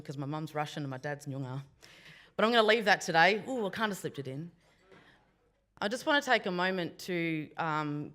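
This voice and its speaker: An Australian woman stands before a room of guests and delivers a ceremonial welcome speech. Her voice sits a little low, and she mixes the formal thanks with playful banter to the crowd through a microphone. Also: fairly bright tone. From Western Australia. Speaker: Welcome to Country speaker. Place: event room before a breakfast audience.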